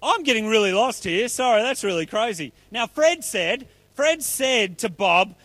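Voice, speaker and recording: A man's voice: very high-pitched, expressive, unhurried, sharp tone, dry recording. A man giving a playful, chatty talk to children at church. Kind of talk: children's talk with audience play.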